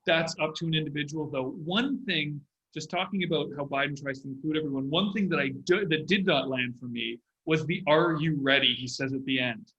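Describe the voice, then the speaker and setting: A man giving a measured, analytical critique of speeches, sometimes acting out how a line should be delivered. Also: on the high side, sharp tone, echoey room, highs cut off. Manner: measured, acts out phrasings to make a point. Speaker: public speaking commentator. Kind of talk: analytical discussion.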